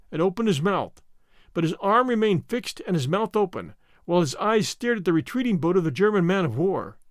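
A man narrating an adventure story in an expressive storytelling manner. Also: high voice, a little fast, no echo, clean studio sound. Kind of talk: scripted narration.

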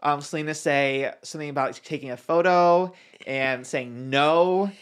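A young woman co-hosting a podcast, telling gossip stories in a relaxed, chatty way. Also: deep voice, unhurried, smooth. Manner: relaxed, chatty, uses "like" a lot. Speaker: podcast co-host. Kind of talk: casual chat, gossip storytelling.

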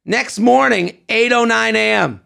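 Podcast co-host, man in his thirties, high-ish gravelly voice, lively storyteller who swears. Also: unhurried. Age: 30s. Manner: animated storyteller, swears freely, acts out quoted dialogue. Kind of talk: casual chat.

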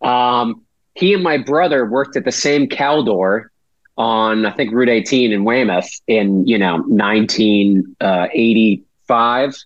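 A Massachusetts man with a lowish voice speaks slowly as a podcast guest, telling a rambling story and swearing freely in casual fashion. The audio is dull, dry and lo-fi, with no room sound.

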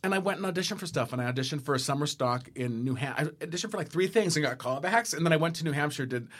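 A man's voice: a little high, expressive, rapid-fire, fairly bright tone. A middle-aged man from Southern California, a stage director and choreographer, telling stories in an interview and rambling with frequent restarts and laughs. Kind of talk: casual interview storytelling.

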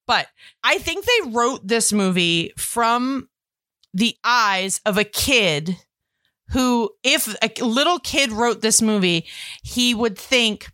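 Woman, podcast co-host, casual movie chat, bright crisp voice, dry close sound, animated. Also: on the high side, no echo. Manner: animated, acts out quoted lines.

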